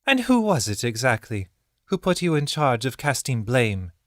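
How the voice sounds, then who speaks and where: A man's voice: mid-range voice, big pitch swings, normal speed, dry recording, clean studio sound, voice pushed up, natural voice. A man voicing a proud female bird-folk advisor who speaks tersely and with scorn in an audiobook. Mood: challenging.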